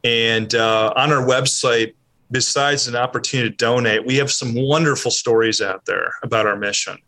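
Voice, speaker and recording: Earnest male charity head, bright voice, measured answers. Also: mid-range voice, steady tone. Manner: earnest, measured, uses ums. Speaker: charity CEO guest. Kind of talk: interview answers.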